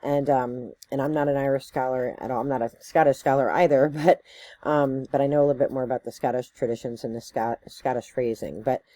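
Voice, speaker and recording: A woman's voice: very deep voice, steady tone, fairly quick, dark tone, no echo. A woman giving a casual educational talk to camera, conversational and loose, with many fillers, tag questions and self-corrections as she thinks aloud. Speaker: spiritual teacher.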